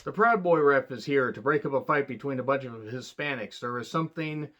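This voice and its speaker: A man's voice: medium pitch, a little fast, a bit bright, lo-fi sound. A man giving a casual, profane wrestling review, blunt and sarcastic, rambling with restarts.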